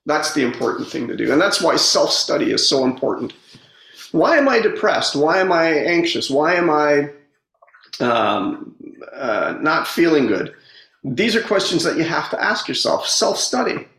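A man's voice: on the high side, very animated, vocal fry, a bit bright. A man telling personal stories in a reflective, casual way, often repeating and restarting words. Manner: halting, repeats words, earnest storytelling. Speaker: speaker on personal growth. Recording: roomy echo.

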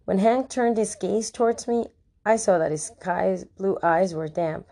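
A woman narrating an audiobook in the first person, with wry, lively storytelling. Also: mid-range voice, unhurried.

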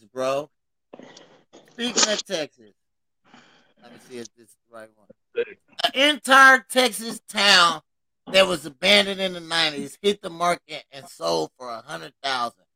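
Podcast co-host, man, high gravelly voice, rowdy joker. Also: animated, a little slow, long pauses, low-quality recording. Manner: loud, laughing, shouts often. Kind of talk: casual comedic chat reading comments.

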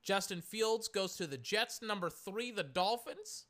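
Bright-voiced man ranting about sports. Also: sits high, unhurried. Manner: exasperated, animated, corrects himself often. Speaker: sports commentator. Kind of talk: solo sports opinion rant.

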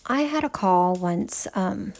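A woman's voice: medium pitch, lively intonation, takes it slowly, gravelly, a little mellow. Woman giving frank parenting advice. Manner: frank, emphatic, talks straight to the listener. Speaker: parenting advisor. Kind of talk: direct advice monologue.

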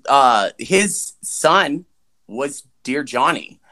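A man's voice: medium pitch, animated, drawn-out words, sharp tone. A man co-hosting a podcast, recapping a movie in casual chat, joking and swearing, and acting out the characters' lines. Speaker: podcast co-host.

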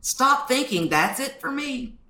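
A woman, a podcast guest telling stories in an animated way and acting out quotes. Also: high voice, unhurried, echoey room. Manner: animated storytelling, acts out quotes. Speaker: guest author. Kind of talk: podcast interview.

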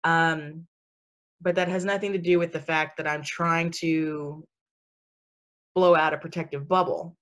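Woman rambling casually w/ fillers + laughs, kinda sassy, lower voice. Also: steady tone, unhurried, pauses often, fairly bright tone. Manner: chatty, sassy, laughs often, many fillers. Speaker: spiritual speaker. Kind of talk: casual podcast chat.

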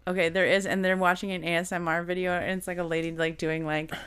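A woman's voice: lowish voice, level tone, fast talker, a bit bright, smooth. A woman co-hosting a podcast, chatting casually, laughing often and trailing off mid-sentence. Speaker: podcast co-host. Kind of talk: casual chat.

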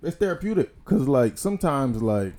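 A man co-hosting a podcast, talking earnestly in relaxed slang among friends. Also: medium pitch, moderate pace. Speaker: podcast co-host. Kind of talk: casual chat.

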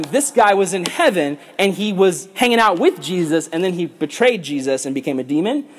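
Youth pastor guy, kinda high voice, goofy and rambly, casual bible lesson for kids. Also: a little hiss or hum.

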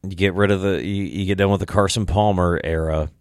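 A man's voice: low-pitched, steady tone, fairly quick, no room sound, studio quality. A young man hosting a solo podcast, tired and tipsy, rambling casually and swearing a lot. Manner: rambling, profane, laid-back. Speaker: podcast host.

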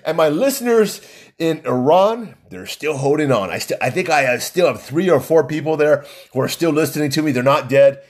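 Male podcast host, casual solo monologue, husky voice, a bit higher than most men, talks in rambling asides. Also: normal speed. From Hawaii. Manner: chatty, rambling, animated, with frequent restarts and asides.

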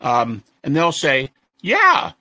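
A man being interviewed as a scholar, telling stories in a lively conversational way and mimicking the people he quotes. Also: fairly high pitch, moderate pace, dry recording. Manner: animated, mimics the voices of students he quotes. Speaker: interview guest, resurrection scholar. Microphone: audio-only interview recording.

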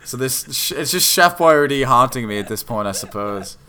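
A young man telling a party story in casual chat, animated, laughing often and acting out what people said. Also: mid-range voice, normal speed. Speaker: podcast guest telling a story.

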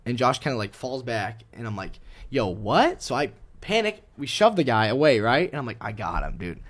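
Young male co-host, lively storyteller, pitch leaps around, casual banter. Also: moderate pace. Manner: animated storytelling, laughing often. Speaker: podcast co-host. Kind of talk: casual chat.

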